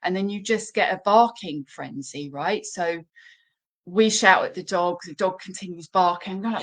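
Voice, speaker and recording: A woman's voice: moderate pace, poor audio. A woman dog trainer hosting a live question-and-answer stream, explaining step by step in a chatty way with plenty of fillers. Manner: acts out short quotes in a high, anxious voice. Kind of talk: live-stream teaching, conversational.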